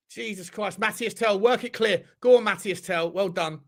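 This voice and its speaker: A man hosting a live football watchalong from his room at home, commenting on the match, swearing and yelling at the players. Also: very high voice, normal speed, hardly any pauses. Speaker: football channel host.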